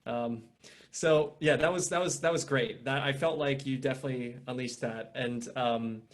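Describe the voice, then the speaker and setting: A man's voice: mid-range voice, steady tone, moderate pace. A young man teaching an online violin masterclass, talking casually with many restarts and fillers.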